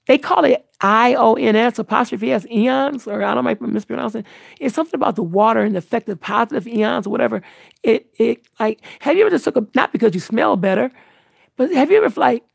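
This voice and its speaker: A woman's voice: a little high, vocal fry, husky, no echo, clean studio sound. A woman hosting a livestream, chatting casually with viewers in a meandering way, full of restarts and fillers. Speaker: livestream host answering viewers. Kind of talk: casual rambling chat.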